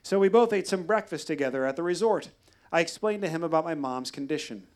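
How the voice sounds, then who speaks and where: A man telling a wry, deadpan personal story at a live storytelling show. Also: a little high, fast. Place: live venue.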